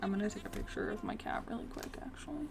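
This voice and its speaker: A woman's voice: on the high side, quick pace, gravelly, noisy background. A young woman chatting casually through a gameplay session, often talking fondly to her cat. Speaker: gaming video creator.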